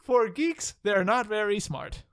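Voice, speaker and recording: A man hosting a podcast in casual chat, animated, laughing often and swearing casually. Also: high-pitched, unhurried, clean tone, no echo. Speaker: podcast host.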